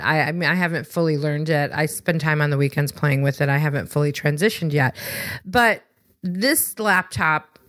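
A woman co-hosting a podcast, telling a story in a casual, animated, wry way and acting out both sides of conversations. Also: low-pitched, dry recording, clean studio sound. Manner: exasperated, wry. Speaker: podcast co-host.

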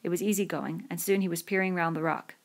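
A woman reading a novel aloud in a measured, descriptive way. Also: fairly low pitch, steady tone. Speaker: audiobook reader. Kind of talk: scripted narration.

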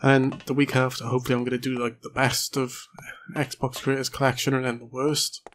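Gamer, hoarse, excitable, swears a lot, noisy recording. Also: male voice, medium pitch, brisk. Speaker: gaming channel host. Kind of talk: let's play commentary.

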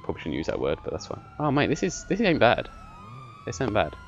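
Young man giving excited gameplay commentary. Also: lowish voice, fast, lo-fi sound, slight background noise. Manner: excitable, bossy when giving directions, laughs often. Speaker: gaming channel host.

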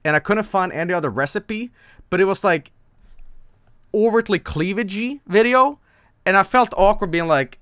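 A man's voice: high voice, lively intonation, normal speed, fairly bright tone, no room sound, studio quality. Rambling, stammering male streamer. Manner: rambling, stammering, laughing often. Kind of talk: casual live-stream chat.

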